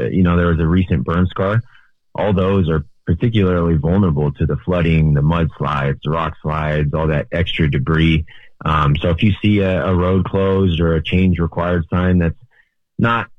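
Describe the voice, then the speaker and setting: A man, a highway patrol officer, answering questions as a radio interview guest, with many ums and uhs. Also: no echo. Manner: hesitant, many fillers. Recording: tinny phone line.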